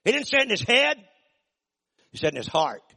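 An older man preaching a sermon in a folksy, emphatic way, with sudden loud bursts and drawn-out phrases. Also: very high voice, very animated. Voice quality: gravelly, husky. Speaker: pastor.

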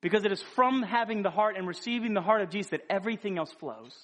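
High-voiced earnest male preacher. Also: expressive, quick pace, fairly bright tone. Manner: earnest, conversational preaching with frequent restarts. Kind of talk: sermon.

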